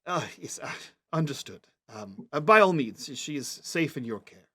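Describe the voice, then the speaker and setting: A man's voice: on the high side, very animated, normal speed, bright, forceful tone, breathy edge, no room sound, clean studio sound, heavily acted. A man voicing a mild male school proctor who answers hesitantly and deferentially in a tabletop game.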